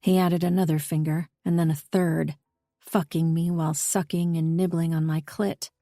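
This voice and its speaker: A woman reading a first-person audiobook novel in a steady, intimate way. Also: low voice, moderate pace, dry recording, clean studio sound, faint music behind. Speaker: audiobook narrator. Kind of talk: scripted first-person narration.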